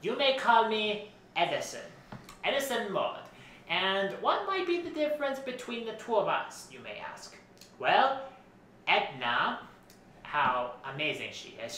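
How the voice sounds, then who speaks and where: A man's voice: sits high, pushed and bright, exaggerated voice. A man doing a flamboyant darling-saying fashion designer. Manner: theatrical, calls everyone darling, breaks character. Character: flamboyant male fashion designer, Edna's cousin. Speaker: host. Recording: echoey room, faint noise.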